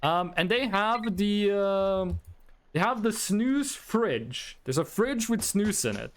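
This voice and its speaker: A male streamer who grew up in Norway talks over a desk mic in a high, swooping voice. He tells a story in a chatty, rambling way and keeps breaking off to answer his chat. A faint noise sits under the recording. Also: animated, takes it slowly. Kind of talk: casual storytelling to live chat.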